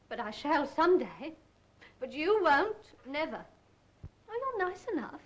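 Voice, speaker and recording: An actress in a 1930s film playing a sharp-tongued, level-headed younger sister who speaks in a dry, blunt way. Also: female voice, high voice.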